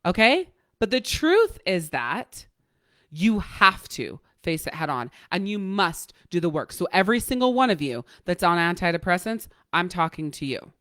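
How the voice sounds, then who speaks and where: A woman life coach giving a motivational coaching talk, blunt and profane, driving points home with fast repetition. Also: on the low side, sing-song, a bit bright, no room sound, clean studio sound.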